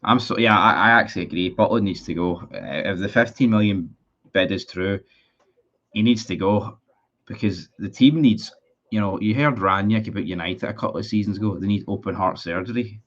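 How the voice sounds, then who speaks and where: A man's voice: on the low side, moderate pace, a bit bright, muffled recording. A man in a casual livestream, reading out viewer comments and answering them in a blunt, sweary, sarcastic way. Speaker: football fan streamer.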